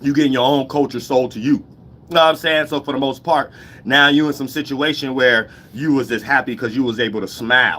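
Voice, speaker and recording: Animated man with a bright, forceful voice. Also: medium pitch, a little hiss or hum. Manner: animated, laughing, fast-talking street slang. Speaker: host. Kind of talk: casual monologue.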